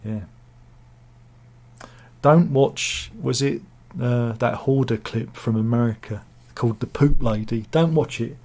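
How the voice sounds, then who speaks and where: British man, home vlogger; husky mid-pitched voice; rambling, self-mocking comment-reading chat. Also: takes it slowly, darkish tone. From Britain. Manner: rambling, joking, self-deprecating. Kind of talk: casual chat. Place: cold room at home.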